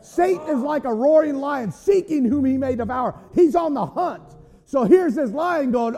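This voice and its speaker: A male pastor preaching a sermon in an animated way, often shouting. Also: very high-pitched, normal speed, big-room sound.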